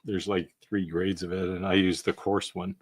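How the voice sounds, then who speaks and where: A man co-hosts a live maker Q&A, chatting casually and explaining technical details plainly and matter-of-factly, like a hands-on maker sharing what has worked for him. His low-pitched voice has a level tone and normal speed, recorded close and dry with no room echo.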